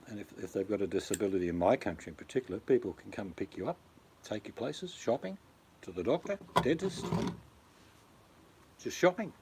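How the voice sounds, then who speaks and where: A man's voice: on the low side, mellow, slight background noise. An Australian man chatting casually on a livestream, rambling and blunt, talking to viewers by name. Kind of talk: casual chat.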